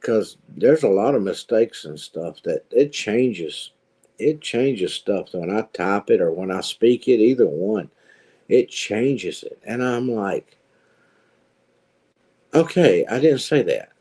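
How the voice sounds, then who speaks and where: A man's voice: fairly low pitch, lively intonation, slow pace, dark tone, husky. A middle-aged man, telling stories in a casual chat with folksy grammar. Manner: drawling storyteller, folksy grammar.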